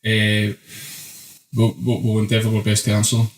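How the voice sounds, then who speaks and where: A man's voice: lowish voice, normal speed. A man with a Scottish accent co-hosting a podcast, telling stories in a casual, sweary, ranting way. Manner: ranting, animated storytelling. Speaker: podcast co-host. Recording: roomy echo.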